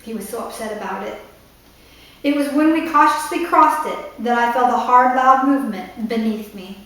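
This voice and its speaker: A woman's voice: on the high side, normal speed, a bit bright. Woman author reading aloud in an echoey room. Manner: breaks off to explain the story in asides. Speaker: author reading her novel. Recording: echoey room, distant mic.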